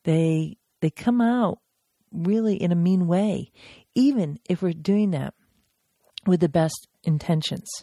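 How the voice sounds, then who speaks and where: A woman who trains people in crisis intervention gives an instructional podcast talk, turning emphatic and animated when acting out examples. Her voice is lowish and her pace slow, recorded at studio quality with no room sound.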